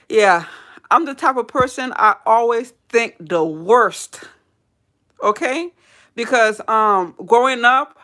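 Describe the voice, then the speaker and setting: A woman's voice: fairly high pitch, bright, forceful tone. A woman hairdresser telling a personal story in a casual, candid way to a live audience, laughing and swearing as she goes.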